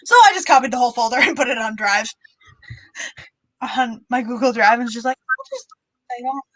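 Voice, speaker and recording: A young woman with a slightly raised pitch talks in a relaxed, offhand way, often dropping in "like" as she goes. Her voice sounds dry and close, with no room echo. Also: a little fast. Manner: laid-back, peppered with "like". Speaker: co-host in a writing sprint. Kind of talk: casual chat.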